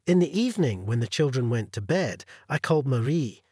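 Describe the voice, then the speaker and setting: A male narrator reading a first-person revenge story, husky and cold, with his pitch moving lively through each sentence. The voice is close and dry, with no room around it. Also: fairly quick, dry recording.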